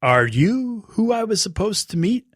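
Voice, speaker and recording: A clever young boy hero who argues and protests with quick wit, as a male storyteller voices him. The voice stays dry and close, with lively ups and downs. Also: high voice, no room sound, voice pushed up, full character voice.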